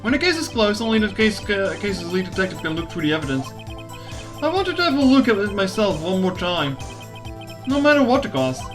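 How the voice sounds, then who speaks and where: Gruff young policeman with a put-on cowboy drawl, voiced by a woman, mid-pitched. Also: very animated, a little fast, over music, lightly acted. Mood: brooding.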